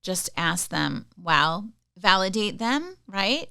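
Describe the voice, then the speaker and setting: A middle-aged woman hosts a casual advice podcast, moving through personal anecdotes and frequently checking in with her listeners. Her mid-range voice is slow, smooth, bright and pushed, captured in a dry, studio-quality recording.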